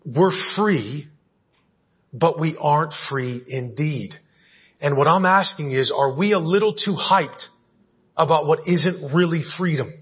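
A male pastor with a slightly high, slightly rough voice preaches a conversational sermon at a measured pace, often checking in with the congregation. He is in a church sanctuary, captured on dull lo-fi church audio.

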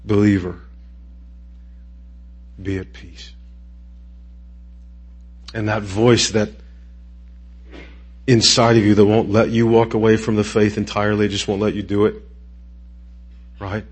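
A middle-aged man preaching a sermon as pastor, moving between quiet, intimate pleading and raised, emphatic declarations. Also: fairly low pitch, level tone, slow, long pauses, breathy edge. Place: church sanctuary.

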